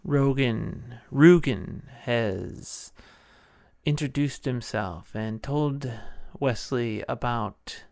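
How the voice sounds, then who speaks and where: A podcast host casually recapping a movie in a playful, jokey way. He talks slowly with a gravelly yet smooth, resonant voice. The sound is dry and close to the mic. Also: medium pitch, a little mellow, dry recording.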